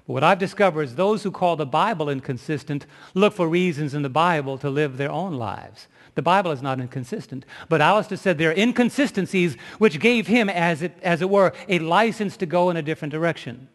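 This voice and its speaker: Man, preacher, high voice, emphatic storytelling sermon, long hall reverb. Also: fairly quick, hardly any pauses. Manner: emphatic, storytelling, addresses audience with questions.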